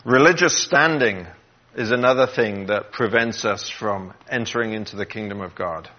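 Earnest preacher guy giving a sermon, goes soft and hushed on the quotes, dull lo-fi audio. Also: fairly low pitch, moderate pace. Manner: earnest, drops to a hush when quoting, gets emotional.

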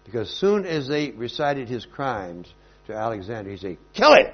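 A male preacher tells a story from the pulpit, and his voice rises and falls a lot as he stresses each point. His tone is slightly husky. The recording is dull and lo-fi. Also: medium pitch, normal speed. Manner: storytelling, lively and emphatic. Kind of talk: sermon.

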